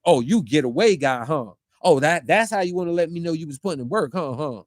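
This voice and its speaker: Man, heated street-talk rant, confrontational, rhetorical questions, lively swinging pitch, slightly high voice, dry close sound. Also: no room sound. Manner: confrontational, rapid-fire rhetorical questions, mocking quoted voices. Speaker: online commentator.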